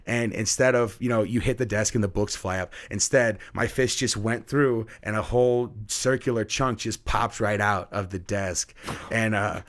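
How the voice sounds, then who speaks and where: A young adult man, a middle school teacher, telling classroom stories in a casual chat and acting out his students. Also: moderate pace. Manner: animated storyteller who acts out students in high voices.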